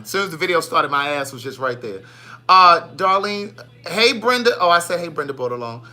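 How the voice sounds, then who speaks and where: A man's voice: high-pitched, normal speed. A man hosting a casual live stream, greeting viewers by name in a playful, sassy way. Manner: playful, sassy, animated shout-outs. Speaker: livestream host.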